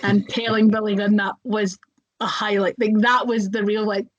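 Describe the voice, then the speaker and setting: A woman's voice: medium pitch, flat delivery, normal speed, lo-fi sound. A young woman, a wrestler, telling stories casually in an interview, chatty, with lots of fillers and voices acted out.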